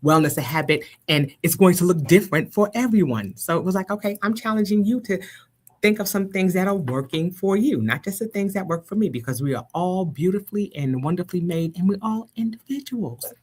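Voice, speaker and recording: A woman's voice: on the low side, expressive, fairly quick, darkish tone, husky. A woman guest on a live talk show, speaking reflectively with many "you know" fillers and everyday analogies. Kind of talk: casual conversational interview.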